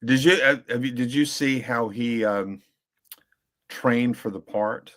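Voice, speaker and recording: A man's voice: medium pitch, fairly bright tone. A man co-hosting a podcast in casual chat, telling stories in a rambling way with many restarts and fillers. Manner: briefly mimics slow drawling voices when quoting. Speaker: podcast co-host.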